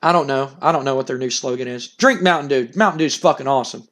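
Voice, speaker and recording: A man's voice: medium pitch, quick pace, fairly bright tone. A man casually narrating a wrestling simulation game, rambling, cursing and chuckling as he goes. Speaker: game streamer.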